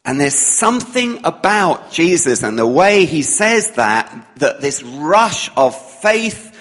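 Animated preacher man in a reverberant hall. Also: fairly high pitch, slow. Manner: animated, acts out the characters' lines. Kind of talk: sermon storytelling.

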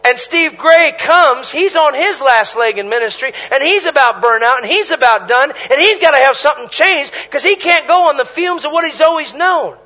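A man preaching a sermon, telling stories with animated energy, punchy repetition and bursts of laughter. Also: extremely high pitch, moderate pace, hardly any pauses, poor audio. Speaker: traveling preacher.

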